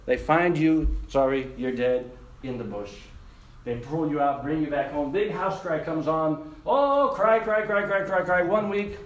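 Male missionary preacher, animated storyteller, echoey hall, distant mic. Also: fairly high pitch. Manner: animated storyteller, acts out voices and laughs. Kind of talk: sermon illustration with audience participation. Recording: echoey room, speaker away from mic.

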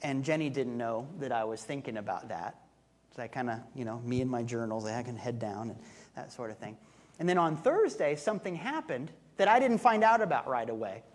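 A male pastor giving a conversational sermon, telling a story with relaxed humor and asides. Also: medium pitch, a little fast.

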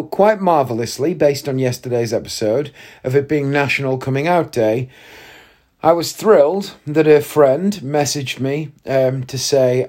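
A man's voice: fairly high pitch, mellow. A man hosting a casual solo podcast, chatty and self-mocking, laughing at his own jokes. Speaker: podcast host.

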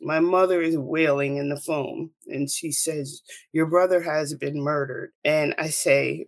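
A woman's voice: deep voice, steady tone, unhurried, no echo. Earnest woman telling her story. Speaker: guest.

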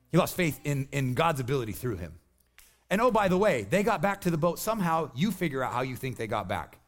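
A male pastor delivering a sermon with a fairly high, very lively voice that swoops up and down. He tells the story with animation and slips into quick put-on voices for the people he quotes.

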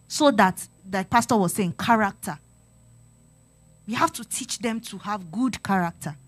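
A woman's voice: medium pitch, a bit bright. A woman giving a sermon-style talk to a congregation, earnest and exhorting, repeating her phrases and acting out talks with her children. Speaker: church speaker on parenting.

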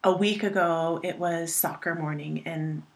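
A woman's voice: sits low, fairly even intonation, unhurried, vocal fry. Woman, 30s, podcast co-host, candid storyteller, swears casually, self-mocking. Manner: candid storytelling, swears freely, laughs at herself. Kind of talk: casual chat.

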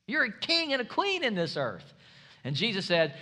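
A man preaching a sermon as pastor, energetic and humorous, building up to shouts. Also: sits high, moderate pace.

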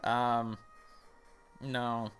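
A man's voice: mid-range voice, little pitch movement, extremely slow, fairly bright tone, faint music behind. A man hosting a podcast and giving casual let's-play commentary, rambling and self-interrupting with playful asides. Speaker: podcast host playing a game.

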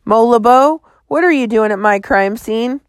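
A woman's voice: fairly high pitch, dry recording, studio quality, close to an everyday voice. Woman doing a stern commanding sheriff. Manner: commanding, brisk. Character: stern male sheriff giving orders.

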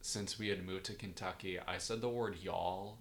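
A young man with a very low voice chats casually on a podcast. He speaks loosely, full of fillers and self-deprecating asides. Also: steady tone, moderate pace. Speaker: podcast co-host. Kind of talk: casual chat.

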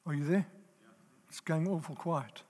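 A man's voice: fairly high pitch, a little slow, a little mellow, husky. A man preaching a sermon to a live audience. He talks emphatically, repeats his key phrases and checks whether the listeners are still with him. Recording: long reverb of a large hall.

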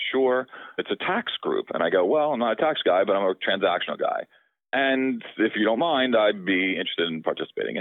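A middle-aged man, a real estate lawyer, telling a story in an interview and acting out the dialogue with lively energy. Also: fairly low pitch, dry recording. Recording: tinny dry phone-like sound.

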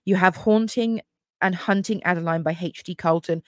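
A woman's voice: fairly low pitch, normal speed, dry recording, studio quality. A young woman hosting her own podcast, chatting casually and gushing about books, with lots of fillers. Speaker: podcast host. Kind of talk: casual solo podcast chat.

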